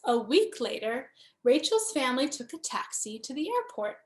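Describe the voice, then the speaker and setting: A woman, a cantor, gently and expressively reading a children's bedtime story aloud. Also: high voice, big pitch swings, normal speed.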